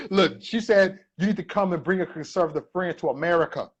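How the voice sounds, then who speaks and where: Man, interview host, video call, eager hype-man affirmations, somewhat high-pitched. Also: normal speed, slightly rough, dull audio.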